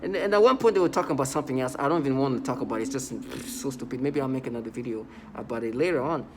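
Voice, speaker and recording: Rambling man vlogging, halting restarts. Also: medium pitch, noisy background. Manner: rambling, halting, many restarts and stammered repeats. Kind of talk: casual monologue to camera.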